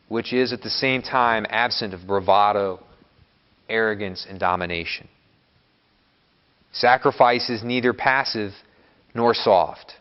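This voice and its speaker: A Catholic priest giving a homily in a church, speaking in a measured, emphatic way that builds lists of words. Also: male voice, mid-range voice. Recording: long church reverb, dull lo-fi sound.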